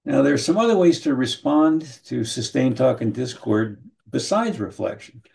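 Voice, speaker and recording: A man teaching counseling skills in an online training session, speaking in a measured way, often repeating his first words and briefly acting out what a client and a counselor might say. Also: mid-range voice, animated, gravelly, a little mellow. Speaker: trainer teaching motivational interviewing. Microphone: video call.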